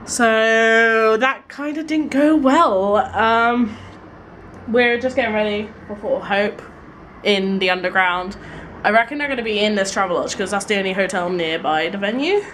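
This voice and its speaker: A woman's voice: mid-range voice, unhurried, fairly bright tone, slight background noise. A young woman from England chatting casually to camera in a travel vlog, giggly and swearing freely, filmed on a handheld camera. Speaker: vlogger. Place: train stations and a hotel room.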